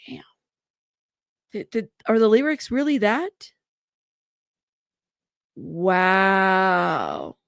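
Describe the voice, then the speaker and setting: A woman's voice: fairly high pitch, unhurried, pauses often, no echo, studio quality. A young adult woman hosting a casual livestream, chatting with viewers, reading their comments aloud and laughing often. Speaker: livestream host.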